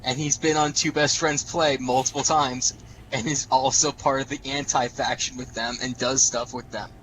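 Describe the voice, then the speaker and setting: A man's voice: mid-range voice, flat delivery, normal speed, fairly bright tone, slight background noise, rough recording. A man co-hosting a casual wrestling podcast, jokey and explaining things to listeners. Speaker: podcast co-host.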